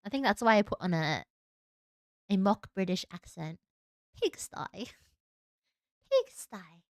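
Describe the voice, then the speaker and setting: A woman's voice: mid-range voice, moderate pace, no room sound, studio quality. A young woman with an Australian accent, chatting casually to her stream while she draws and giggling at herself. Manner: chatty, self-mocking, giggly asides. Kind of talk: casual chat while drawing.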